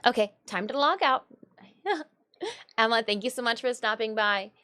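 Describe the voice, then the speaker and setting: A woman's voice: on the high side, lively intonation, unhurried, sharp tone. A woman from Michigan chatting casually on a live stream, greeting viewers and talking to her cats.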